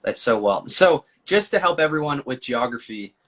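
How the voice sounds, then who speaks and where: A man's voice: mid-range voice, lively intonation, moderate pace, a bit bright. A man hosting a casual live-stream chat, upbeat and chatty, talking to viewers and a guest. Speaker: host.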